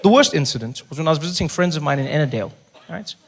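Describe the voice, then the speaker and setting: A South African man doing stand-up comedy, telling an animated story that swings between loud bits and hushed talk. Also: on the high side, racing, a little hiss or hum. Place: comedy club stage.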